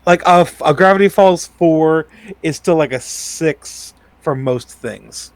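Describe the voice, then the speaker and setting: Man, podcast co-host, relaxed, filler-heavy, slightly high voice, dry close sound. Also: slow pace, no room sound. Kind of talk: casual podcast chat.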